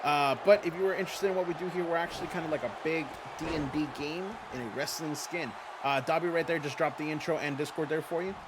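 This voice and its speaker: Chatty male streamer, slightly high voice. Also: fairly even intonation, fast, hardly any pauses, a crowd in the background, noisy background. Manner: chatty and playful, talks straight to chat viewers. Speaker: streamer hosting a fantasy wrestling league. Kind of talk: casual livestream commentary.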